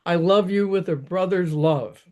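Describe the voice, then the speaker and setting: A man reading aloud the lines of a self-assured young aristocrat who gently lectures a girl. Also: high voice, a little slow, dull audio. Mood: lecturing.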